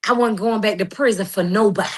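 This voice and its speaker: A woman's voice: medium pitch, fast. A middle-aged woman in a heated, emphatic monologue, confronting someone with slang and preachy turns. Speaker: guest responding to critics.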